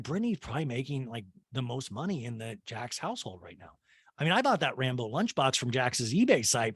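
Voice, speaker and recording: Man from Kansas, podcast host, comedic recap, gossipy, crude, lively pitch, dry close sound. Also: husky, no room sound. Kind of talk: comedic reality show recap.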